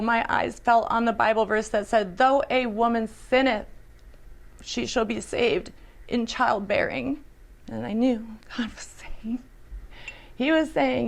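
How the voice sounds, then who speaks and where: A woman's voice: fairly high pitch, steady tone, moderate pace, gravelly. A woman telling an earnest, emotional personal testimony, sometimes dropping to a whisper. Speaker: storyteller.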